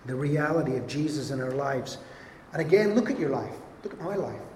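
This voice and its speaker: A man's voice: mid-range voice, expressive, brisk, darkish tone, a little hiss or hum. A man preaching a sermon, earnest and emphatic, often repeating his points. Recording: echoey hall with long reverb.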